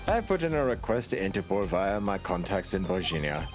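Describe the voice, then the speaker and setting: A man voicing a suave, teasing young male prosecutor, reading game dialogue aloud with a smooth, mildly mocking delivery. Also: low voice, very animated, fairly quick, music in the background. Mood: cool.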